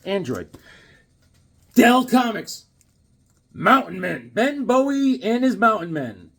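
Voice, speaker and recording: A man hosting a casual vlog about his comic books, talking in a jokey, animated way with sudden exclamations. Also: high-pitched, slow, vocal fry, slightly rough. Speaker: comic book vlogger. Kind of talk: casual show-and-tell vlog.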